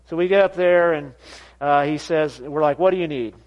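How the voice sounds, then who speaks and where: Male pastor with a light, high voice; lively, laughing sermon storyteller. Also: moderate pace, muffled recording. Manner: animated, laughing storyteller who acts out quoted voices. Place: church sanctuary.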